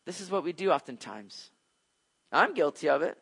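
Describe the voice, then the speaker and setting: A high-pitched man preaching a sermon in a loose, conversational way. He gets animated and acts out the voices of the people in his stories, with casual asides along the way. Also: quick pace, creaky. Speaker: pastor. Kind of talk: expository sermon.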